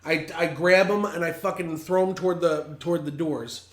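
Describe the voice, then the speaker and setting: A man's voice: fairly high pitch, steady tone, moderate pace. A man hosting a podcast, telling a story in a blunt, heated and profane way. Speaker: podcast host. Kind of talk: casual storytelling. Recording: roomy echo.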